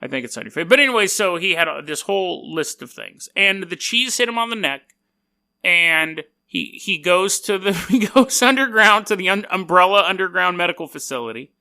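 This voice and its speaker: A man's voice: high voice, animated, moderate pace, gravelly, bright, forceful tone. A man hosting a podcast, telling a story casually with rambling, self-deprecating jokey asides. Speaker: podcast host.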